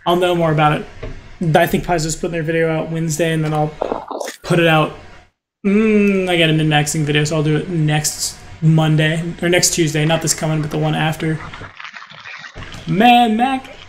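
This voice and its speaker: A fairly high-voiced man runs a tabletop session as game master. He drifts into rambling side comments and dry jokes, with a faint hiss of noise under his voice. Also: fairly even intonation, moderate pace. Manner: rambling, wry asides.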